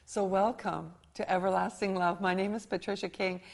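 A middle-aged woman hosts a Christian television talk show. Her voice is strongly gravelly with a lot of fry. She speaks in the middle of her range and puts earnest emphasis on her questions. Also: medium pitch, steady tone, normal speed. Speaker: host.

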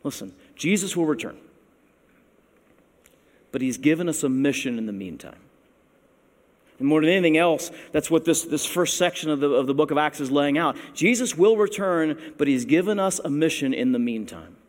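A man preaching a sermon, wry and conversational, leaning into words with playful emphasis. His voice sits a little high for a man. The sound carries the long reverb of a large hall. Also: animated, normal speed. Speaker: pastor.

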